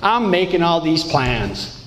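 Middle-aged man, from Romania, recovery testimony, unhurried delivery, long hall reverb, faint hum behind. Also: a little high, sing-song, fairly bright tone. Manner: slow, deliberate delivery with blunt, raw wording. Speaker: recovering alcoholic sharing his story.

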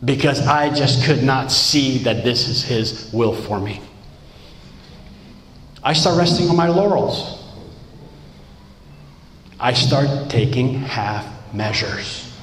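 A middle-aged man from Romania giving a personal recovery testimony in slow, deliberate, blunt words. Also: mid-range voice, a bit bright. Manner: slow, deliberate delivery with blunt, raw wording. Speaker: recovering alcoholic sharing his story. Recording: roomy hall with long reverb, faint background noise.

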